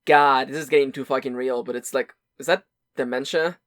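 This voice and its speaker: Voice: medium pitch, steady tone, a little fast, a bit bright, dry recording, studio quality. A podcast co-host in casual chat, rambling and restarting often, with casual swearing.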